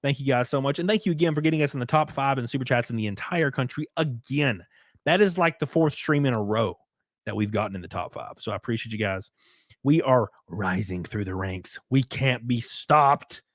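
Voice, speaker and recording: A man's voice: mid-range voice, lively intonation, fairly quick, dry recording, clean studio sound. A man hosting a casual livestream, crude, joking and rambling. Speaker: livestream host.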